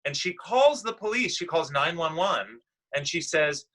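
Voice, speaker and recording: A man's voice: fairly high pitch, expressive, normal speed, sharp tone, poor audio. A man leading a class discussion, patiently telling a news story to children and asking them guiding questions. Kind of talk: explaining current events to children.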